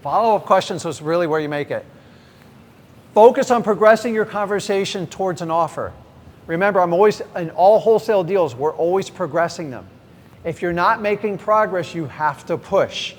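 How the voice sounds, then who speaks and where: A middle-aged man, a real estate coach, teaching a live seminar with energy and speaking straight to the audience. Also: moderate pace. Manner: energetic, talks straight to the crowd. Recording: reverberant hall, faint rumble.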